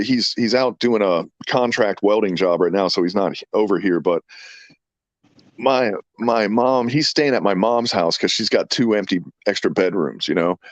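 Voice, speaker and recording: A man's voice: medium pitch, no room sound, lo-fi sound. Rambling middle-aged man telling stories. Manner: rambling, profane, animated storyteller. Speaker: podcast host. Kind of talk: casual storytelling chat.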